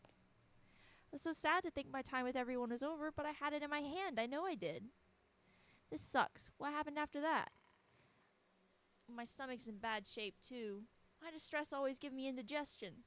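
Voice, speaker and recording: A woman's voice: sits high, normal speed, long pauses, fairly bright tone. A woman voicing a frightened teenage schoolgirl, reading her panicky, pleading lines in a game. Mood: scared.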